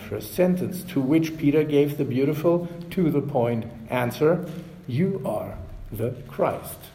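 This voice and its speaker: A male pastor preaching a measured sermon. His voice drops softly at the ends of phrases. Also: a little high, reverberant, low-quality recording.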